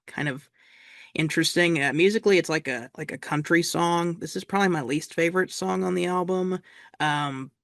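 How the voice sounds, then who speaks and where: A man's voice: a little high, fairly bright tone, no room sound, clean studio sound. A man co-hosting an album review, giving casual commentary in a loose, laid-back way.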